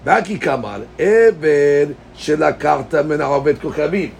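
Gravelly man teaching a Talmud class. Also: a little high, unhurried, darkish tone, a little hiss or hum. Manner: reads the text in a chanting lilt, then explains it plainly; addresses students directly with questions.

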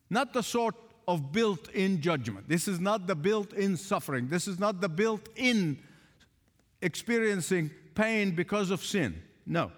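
A high-voiced man preaching with a lively, swooping delivery. He presses hard on key points and chuckles between lines. His voice rings out with a long hall reverb. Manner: emphatic preacher, rising loud on key points, chuckling often. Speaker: pastor. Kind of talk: sermon.

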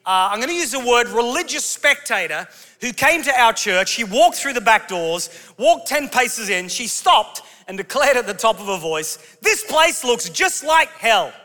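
A man's voice: extremely high pitch, animated, moderate pace, pushed and bright. A male pastor preaching a sermon to his congregation with humorous storytelling. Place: large church auditorium. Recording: long hall reverb.

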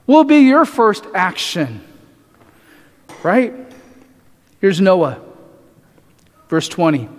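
A male pastor preaching a sermon, asking the congregation rhetorical questions and often adding "right?". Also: sits high. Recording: echoey hall reverb.

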